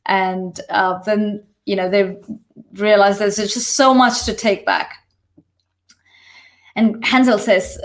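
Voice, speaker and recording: A woman hosting an online session, retelling a fairy tale in a relaxed, conversational way and often checking in with "you know" and "right?". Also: mid-range voice, takes it slowly, long pauses. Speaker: workshop host.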